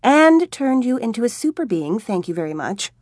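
A woman's voice: a little high, very animated, normal speed, a little mellow, dry recording, studio quality, voice pushed up. A woman voicing a young female vampire who is wry, teasing and dryly amused in an audiobook.

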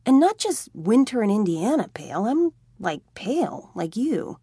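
A woman's voice: on the high side, normal speed, husky, no room sound, studio quality, heavily acted. A woman voicing a nineteen-year-old male vampire who is anxious, whiny and easily worked up in an audiobook. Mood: fretful. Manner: excitable, complaining.

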